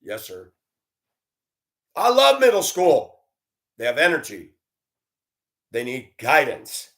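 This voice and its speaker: A man telling stories about his years as a school bus driver, blunt and animated, acting out the voices he quotes. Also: a little high, slow pace. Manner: blunt, plain-spoken. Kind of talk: storytelling monologue.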